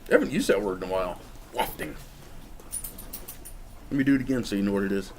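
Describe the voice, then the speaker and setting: Racing along in a fairly low, darkish voice, a man reviews a cigar outdoors in the cold. It's a casual, rambling vlog where he chats and jokes right at the viewer, and a little hiss or hum is audible.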